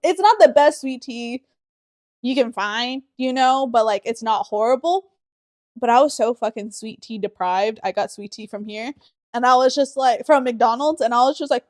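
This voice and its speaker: Woman from the American South, podcast co-host, fairly high voice, chatty, swears a lot, laughs often, dry close sound. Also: normal speed, darkish tone, no room sound. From Southern United States. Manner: chatty, profane, laughs often, rambling asides. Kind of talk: casual podcast chat.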